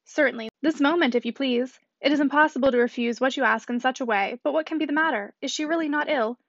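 An anxious young lady presses for answers in a storybook, urgent and commanding, read by a woman. She speaks fast and high. The sound is dull and dry. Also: no echo. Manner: urgent and demanding.

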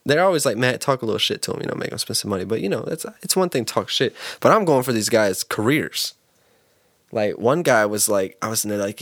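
A man's voice: fairly low pitch, quick pace, no room sound, clean studio sound. A man co-hosting a podcast in casual chat, telling a story and acting out everyone's lines. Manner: animated storyteller acting out quotes. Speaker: podcast co-host.

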